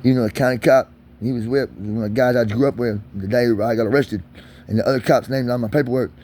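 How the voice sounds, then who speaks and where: A man's voice: medium pitch, fairly even intonation, fast talker, darkish tone. A man with a speech impediment, ranting angrily in a vlog. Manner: agitated, angry ranting. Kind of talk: vlog rant.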